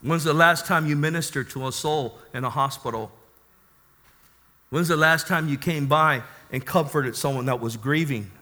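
A man preaching a sermon who calls out to the congregation for amens and swings between quiet teaching and loud, rising exclamations. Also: on the high side. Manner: call-and-response preaching, asks the congregation for amens.

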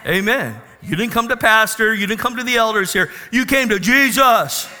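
A man's voice: high voice, normal speed, pushed and bright, big-room sound. A man preaching a sermon to his congregation, calling for amens and acting out Bible figures. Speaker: pastor. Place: church.

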